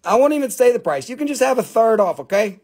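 A man's voice: very high voice, sing-song, fast talker, a little mellow. A man selling minerals on a live stream, rambling, profane and self-mocking. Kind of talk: joking live sales banter.

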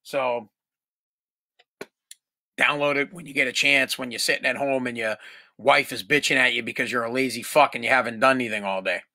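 A man's voice: medium pitch, steady tone, a little fast, pauses often, pushed and bright, no room sound, studio quality. A man hosting a solo podcast from home, ranting in a profane, exasperated way. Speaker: podcast host.

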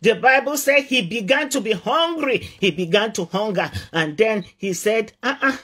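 A man preaching a sermon with passion, repeating phrases and rising to shouts. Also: high-pitched, lively intonation, normal speed, breathy edge. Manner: impassioned, repeats phrases for emphasis, often rises to shouting.

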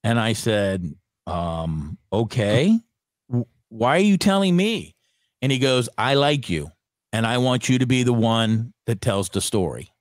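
A middle-aged radio personality telling stories in a relaxed interview, acting out the voices of people he quotes. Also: mid-range voice, measured pace, no echo, clean studio sound. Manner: animated, acts out quoted dialogue. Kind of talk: conversational storytelling.

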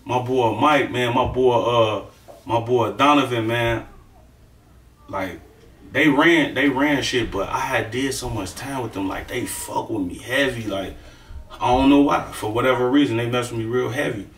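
A man tells a story casually, swearing freely and punching up the action with his own sound effects. His voice sits at a middle pitch. He is heard from a distance in a room with noticeable echo. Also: moderate pace. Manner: profane, emphatic, animated with sound effects. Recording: echoey room, far from the mic.

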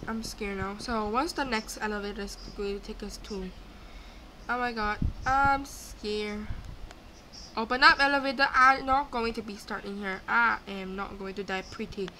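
A young woman giving live gameplay commentary, excitable and chatty, talking back to game characters. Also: medium pitch, normal speed, slight background noise. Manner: excitable, screams and gasps, talks to game characters. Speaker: gaming YouTuber.

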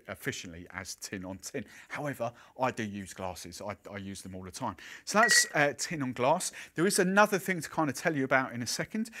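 Chatty bartender explaining shakers. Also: male voice, mid-range voice, a bit bright. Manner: chatty, conversational explaining with frequent fillers. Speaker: professional bartender presenter. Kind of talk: product demo and tutorial.

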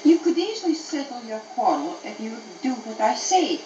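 A woman voicing a clever grey donkey in a storybook, talking in a brisk, coaxing way, heard from an old cassette tape. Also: on the high side, very animated, dark tone, slight background noise. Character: wise cheeky grey donkey. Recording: echoey, distant, dull old cassette tape.

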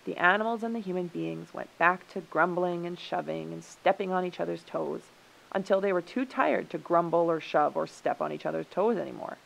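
A woman narrating a children's story aloud for a radio show in an expressive, gently paced way. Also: fairly low pitch, normal speed, vocal fry, poor audio.

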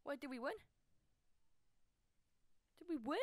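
Excitable high-voiced woman playing games. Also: normal speed, long pauses, no room sound, studio quality. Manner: excitable and chatty, jumping from yelps to low mutters. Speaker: gamer hosting her own channel. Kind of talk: casual gameplay commentary.

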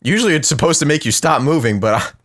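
A young man doing live gameplay commentary for his channel, excitable and talking straight to his viewers. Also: on the high side. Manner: excitable, talks to viewers, shouts at wins. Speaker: gaming YouTuber.

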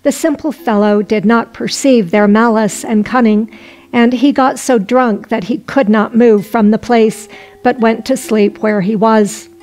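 A woman narrating a folk tale in a slow, even-paced storybook reading. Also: on the high side, rough recording. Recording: faint music underneath.

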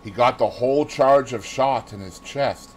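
A man voicing a worldly older gentleman who speaks in a dry, dismissive way, in an audiobook reading. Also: medium pitch, normal speed, slight background noise, lightly acted. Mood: cool.

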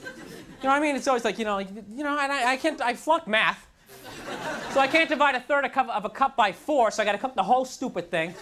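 A man's voice: very high voice, animated, quick pace. A young man doing a stand-up set on a TV studio stage, ranting in a frustrated, self-mocking way, full of "like" and "you know". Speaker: stand-up comedian. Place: TV studio stage before a live audience. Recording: 1990s TV broadcast, audience laughter and noise. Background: audience laughter.

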